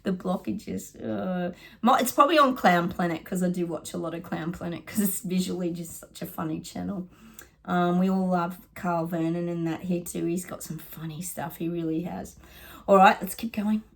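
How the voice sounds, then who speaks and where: A woman's voice: on the low side, moderate pace, gravelly. A middle-aged Australian woman, a psychic giving casual predictions, chatty and sarcastic, often laughing.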